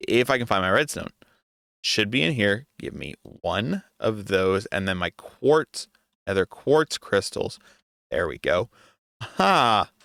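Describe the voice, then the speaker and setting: A young man thinks out loud while playing, exasperated and joking with himself as he works things out. His pitch leaps around constantly. The sound is dry and close, with no room behind it. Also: sing-song, slow pace, gravelly, dry recording. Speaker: gaming video creator. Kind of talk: casual gameplay commentary.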